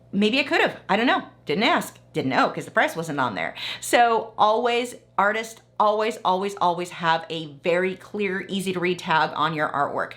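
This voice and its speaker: A woman artist speaks straight to her viewers in a relaxed vlog, her voice sitting at an ordinary middle pitch. She talks in a chatty, animated way, circling back with asides and restarts as she gives advice. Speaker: artist vlogger. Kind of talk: casual talking-head vlog advice.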